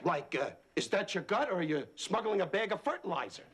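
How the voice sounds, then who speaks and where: An actor playing an insulting late-night talk show host with a mocking, theatrical manner in a sitcom. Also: male voice, sits high, big pitch swings, brisk, very noisy. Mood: smug. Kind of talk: 1980s sitcom acting. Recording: loud studio audience laughter.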